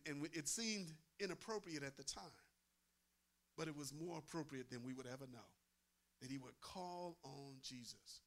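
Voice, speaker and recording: Male preacher, high and gravelly, emphatic sermon delivery with repeated phrases. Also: fairly bright tone. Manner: emphatic, repeats phrases, asks the crowd "amen?".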